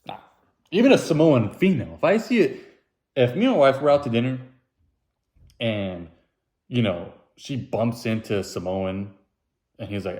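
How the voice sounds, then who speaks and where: A young man talks through a loose solo podcast in a slightly low voice, rambling from one thought to the next. He mocks himself, takes his own jokes back, and slips into goofy high-pitched voices whenever he quotes someone. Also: lively intonation, normal speed, darkish tone. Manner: rambling, self-mocking, jokey asides; puts on silly high voices when quoting. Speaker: podcast host. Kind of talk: casual solo podcast monologue.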